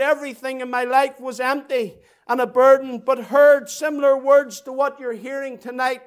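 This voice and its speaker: A Northern Irish man preaching with a strikingly high, fervent voice. He holds to a narrow, insistent pitch and drives his appeal through rhythmic repetition. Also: fairly bright tone. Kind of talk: evangelistic sermon.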